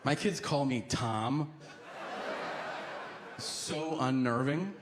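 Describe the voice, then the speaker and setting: A man in his thirties doing a stand-up comedy routine on a club stage, telling stories with lively acted-out voices and sudden yells. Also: medium pitch, very slow, noisy background. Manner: animated storytelling, acts out voices, bursts into yelling. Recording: live club with loud crowd laughter.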